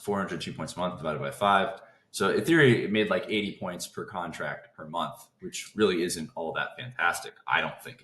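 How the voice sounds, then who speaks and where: A man with a very low voice runs through a casual trading lesson at a rapid clip. He keeps cutting off his own thoughts and starting over. The room around him has a clear echo. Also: fairly bright tone. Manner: fast talker who interrupts his own thoughts. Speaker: trading video host.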